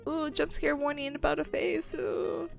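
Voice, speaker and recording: High, hoarse, giggly young woman. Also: steady tone, moderate pace, soft background music. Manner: bubbly, giggly, chatty. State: hoarse, losing her voice. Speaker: streamer reviewing study notes. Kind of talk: casual study stream.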